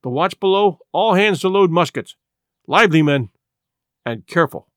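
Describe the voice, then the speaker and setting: A man's voice: high voice, lively intonation, normal speed, dry recording, studio quality. A man voicing a stern, curt ship's captain who barks clipped orders. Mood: commanding. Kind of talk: audiobook character reading.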